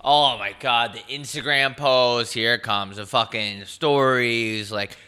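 A man's voice: mid-range voice, fairly even intonation, unhurried, bright, forceful tone, clear, resonant tone. A man hosting a podcast in casual banter, ranting and complaining with lots of swearing.

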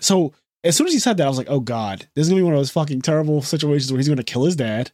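A man's voice: on the high side, expressive, rapid-fire, hardly any pauses, a little mellow, no room sound, studio quality. A man in a casual movie chat, blunt and profane, often mimicking movie lines.

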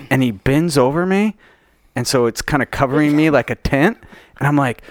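A man co-hosting a podcast, telling stories in a lively, profane, joking way. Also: medium pitch, moderate pace, dry recording, studio quality. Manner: animated, profane storyteller. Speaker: podcast co-host. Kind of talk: casual podcast banter.

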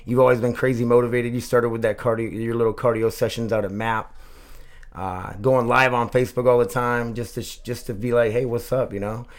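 A man's voice: mid-range voice, flat delivery, fairly quick. A man hosting a casual podcast and chatting with a guest in a martial arts gym. He rambles, swears a lot and uses many fillers and restarts. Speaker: podcast host.

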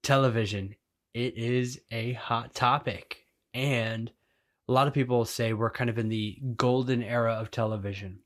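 A man's voice: mid-range voice, steady tone, moderate pace. A man co-hosting a podcast, chatting casually and joking with his wife. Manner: joking, conversational. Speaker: podcast co-host. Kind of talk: casual chat.

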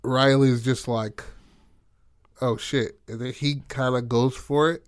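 A man's voice: mid-range voice, a little slow, smooth, no echo, studio quality. Casual profane man retelling a story. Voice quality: profane, animated, acts out characters' lines. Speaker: storyteller recounting a tabletop game.

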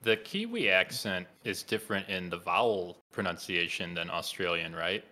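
Low, bright-voiced man chatting casually. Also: animated, normal speed. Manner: rambling, wry storyteller. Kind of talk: casual chat.

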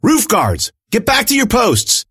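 A man voicing a tough woman who leads a besieged camp in an audiobook, barking commands and shouting when alarmed. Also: sits high, wildly swooping pitch, a little slow, husky, dry recording, clean studio sound, pitched above the performer's own voice, heavily acted. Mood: commanding shout. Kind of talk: audiobook character voice.

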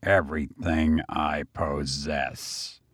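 A man reading aloud and voicing a distrustful male brigand who escapes from a castle, speaking low and hushed. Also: measured pace, no room sound, studio quality. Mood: scheming.

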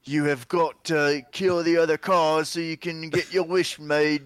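A man's voice: a little high, little pitch movement, a little slow, fairly bright tone, clean tone, no room sound, voice pushed up. A man voicing a mock British announcer with a theatrical British accent, calling the listener "love". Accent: British (put on).

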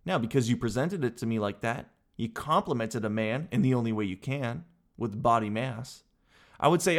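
A man's voice: mid-range voice, normal speed. Exasperated man ranting for laughs. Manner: animated, exasperated, peppered with "dude"; swears casually. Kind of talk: comedic rant.

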